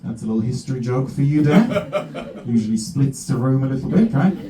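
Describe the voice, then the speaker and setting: A man's voice: mid-range voice, animated, fairly quick, mellow, slight background noise. A young man from Switzerland with a Swiss German accent, doing a teasing, self-mocking stand-up set and talking to the crowd. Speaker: stand-up comedian. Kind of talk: stand-up routine. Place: comedy club stage with a laughing audience. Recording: roomy club sound, distant mic, crowd laughter.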